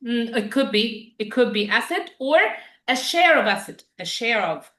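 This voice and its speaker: A woman teaching an English vocabulary class, patient and quick with praise as she explains words. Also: fairly high pitch, animated, fairly bright tone, roomy sound.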